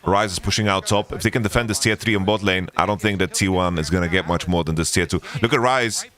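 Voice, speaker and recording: A man streaming a live esports watch-along, commenting excitably and breaking into loud exasperated rants. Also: sits low, fast talker. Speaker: streamer co-casting a match.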